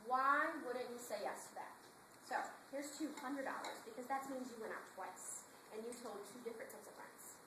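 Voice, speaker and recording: A woman giving a chatty sales pitch at a meeting, telling stories and asking the audience questions. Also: normal speed. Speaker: sales director recruiting at a meeting. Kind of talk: animated sales presentation to a group. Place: meeting room before an audience. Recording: echoey room with noise.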